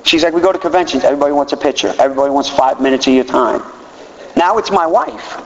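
High-voiced man joking in a reverberant hall. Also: fast talker, creaky, muffled recording. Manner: self-mocking, joking, candid. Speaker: speaker sharing a recovery story. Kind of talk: comic storytelling talk to an audience.

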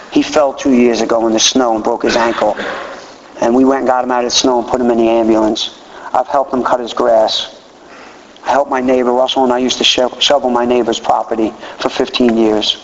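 A man's voice: medium pitch, a little hiss or hum. Guy in his 50s sharing his story at a recovery meeting, plain and earnest, echoey hall, kinda muffled lo-fi sound. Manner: animated, acts out quotes in a raised voice. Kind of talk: recovery share talk. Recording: roomy hall, dull lo-fi audio.

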